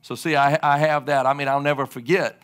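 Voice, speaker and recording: A man's voice: mid-range voice, level tone, fairly quick, a bit bright, smooth. A middle-aged man preaching a sermon as a pastor, emphatic and repeating his key lines to the congregation.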